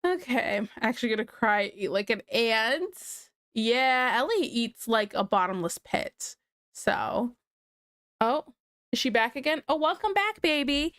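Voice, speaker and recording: A woman chatting to her stream audience in a loose, scattered way, breaking into laughs now and then. Her voice sits a bit high. It is recorded close at a desk mic with a dry sound. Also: expressive, unhurried, a bit bright, no echo. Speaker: livestreamer talking to chat. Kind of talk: casual livestream chat.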